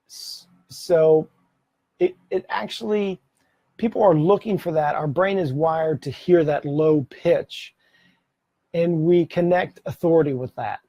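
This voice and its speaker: A man's voice: a little high, warm tone, husky, dry recording. A middle-aged man giving practical tips on presentations to a camera, in a casual, conversational way, often correcting himself mid-sentence. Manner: conversational, self-correcting, occasional laughs. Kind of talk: casual instructional talk to camera. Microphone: camera mic, speaking to camera.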